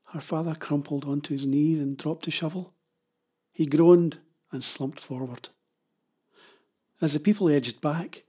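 A man reading a children's story aloud in a steady, dramatic way. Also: fairly high pitch, husky. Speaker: narrator.

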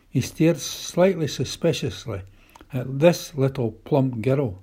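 A man reading a children's story aloud in a calm, measured way. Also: medium pitch, slightly rough. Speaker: narrator.

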